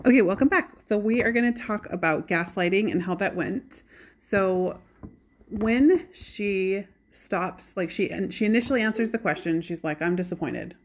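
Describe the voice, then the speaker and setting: A woman hosting a podcast in casual chat, animated, acting out quoted dialogue. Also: medium pitch, normal speed. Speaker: podcast host.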